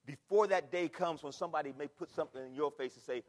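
Older man, pastor, animated sermon, high voice, long church reverb. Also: quick pace. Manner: animated preaching with rhetorical questions and repetition. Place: church sanctuary.

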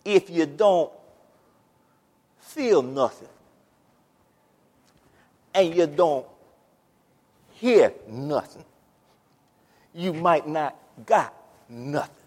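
A man voicing an older male preacher with a slow Louisiana drawl, speaking low and drawn out. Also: expressive, darkish tone, exaggerated voice. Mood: solemn. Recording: long hall reverb.

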